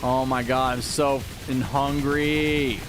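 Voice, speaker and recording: A man's voice: mid-range voice, steady tone, slow pace, over music. A man live-streaming a game, chatting casually and answering viewers' messages aloud.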